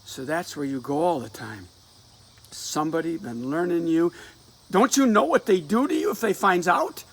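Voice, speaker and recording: A man's voice: a little high, lively intonation, normal speed. A man voicing an anxious young woman who scolds and fears for her sweetheart, in a dramatic reading of a play with rural dialect. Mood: urgent, scolding.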